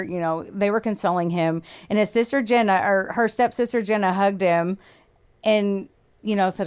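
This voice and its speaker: Smooth-voiced woman telling a crime story. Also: mid-range voice. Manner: swears freely, acts out quotes, laughs often. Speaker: podcast host. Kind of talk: casual true-crime storytelling.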